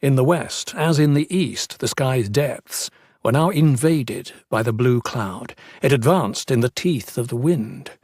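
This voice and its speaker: A man narrating a classic novel as an audiobook, in a measured, dramatic storytelling manner. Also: medium pitch, animated, darkish tone, husky, no echo, clean studio sound. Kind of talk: scripted narration.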